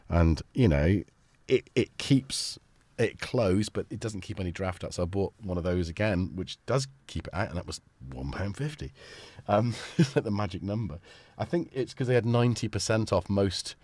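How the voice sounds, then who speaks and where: A man's voice: low voice, a little mellow, dry recording. A man hosting a casual livestream from his home studio, rambling and chatty with many restarts. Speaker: livestream host.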